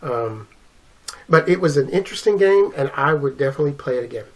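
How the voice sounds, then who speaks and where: A speaker casually sharing first impressions of a board game, halting and filled with pauses. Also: medium pitch, lively intonation, low-quality recording. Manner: halting, filler-heavy, earnest. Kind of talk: casual recap to camera.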